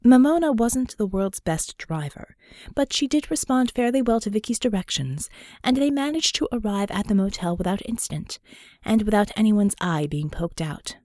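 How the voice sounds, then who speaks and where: A woman narrating an audiobook in a wry, even storytelling manner. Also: medium pitch, moderate pace, dry recording, clean studio sound. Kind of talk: scripted narration.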